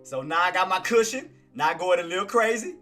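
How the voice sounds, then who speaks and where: Excited high-voiced man streaming trades. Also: a little fast, faint music behind. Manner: excitable and boastful, repeats himself. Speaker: day-trading streamer. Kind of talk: live trading commentary.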